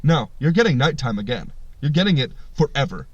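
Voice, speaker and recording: A man's voice: medium pitch, very animated, fairly quick, dry recording, muffled recording. Man voicing a grumpy Great Spirit, blunt and slangy, dry sound. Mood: indignant. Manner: curt, swearing, slangy. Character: fed-up male Great Spirit, blunt and petty.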